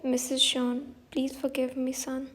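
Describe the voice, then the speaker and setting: A woman's voice: sits high, monotone, a little slow, a bit bright, slight background noise. A woman reading a guilty older mother-in-law. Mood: pleading. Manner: plain apologetic reading, name said before lines.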